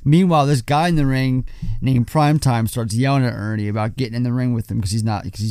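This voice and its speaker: A male podcast host casually walking through a film plot. He summarizes steadily at a mid pitch. The sound is dry and close. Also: fast talker, darkish tone, clean tone, dry recording.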